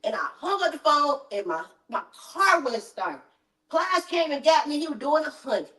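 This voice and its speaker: A woman with a high, bright pitch tells her story as an interview guest, animated and repetitive, acting out the lines others said to her. Her voice sits far from the mic in an echoey room. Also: moderate pace. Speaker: interview guest, mother of the deceased. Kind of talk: emotional storytelling, reenacting conversations.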